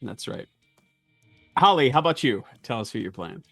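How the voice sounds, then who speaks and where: A man's voice: medium pitch, very animated, normal speed, creaky, fairly bright tone, husky, no room sound, faint music behind. A man hosting as game master, upbeat and encouraging.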